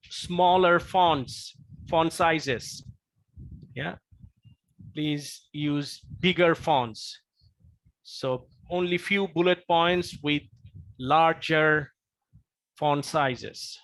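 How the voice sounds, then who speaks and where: A man's voice: fairly high pitch, a bit bright, dry recording, low-quality recording. A man lecturing as a professor, earnest, repeating key points with frequent fillers and restarts. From Bangladesh. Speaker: professor giving a training lecture.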